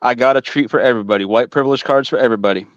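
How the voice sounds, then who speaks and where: A man on a live panel, joking and quickly brushing off questions. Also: medium pitch, no room sound, lo-fi sound. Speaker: panel guest. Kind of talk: casual panel chat.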